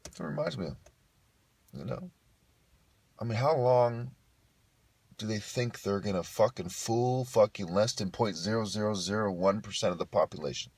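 A man rants to camera in a husky voice, scornful and profane, with bursts of laughter. His pitch swings widely, and the sound is dry and close. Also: expressive, normal speed, pauses often, darkish tone, dry recording. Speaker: video blogger. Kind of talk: ranting monologue to camera.

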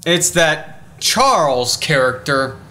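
A man's voice: a little high, big pitch swings, slow pace, pushed and bright, heavily acted. A man voicing a grumpy, self-righteous male puppet in a comedic church skit, huffy and smug, growling "roar" when cross. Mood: indignant.

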